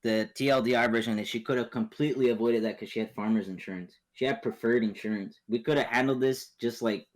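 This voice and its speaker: A man's voice: medium pitch, steady tone, fast, hardly any pauses. A young man casually telling a long story to friends, rambling with restarts, slang, swearing and laughing asides. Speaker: podcast co-host.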